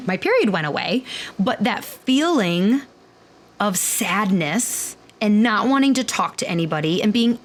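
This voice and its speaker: A woman, hosting a podcast in casual, chatty personal talk full of fillers and quoted asides. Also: medium pitch. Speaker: podcast host.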